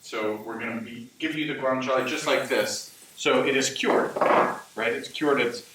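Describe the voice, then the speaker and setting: A man's voice: mid-range voice, moderate pace, a bit bright, far from the mic, a little hiss or hum. A male chef hosts a loose, joking cooking demonstration, full of asides. He sounds set back from the mic in a roomy kitchen, with faint frying sizzle underneath. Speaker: chef hosting a home cooking video.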